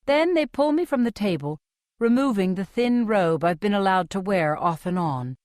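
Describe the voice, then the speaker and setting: A young adult woman reading a novel aloud in measured, clearly separated sentences. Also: medium pitch, animated, darkish tone, no room sound, studio quality. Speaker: audiobook reader. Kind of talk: scripted audiobook narration.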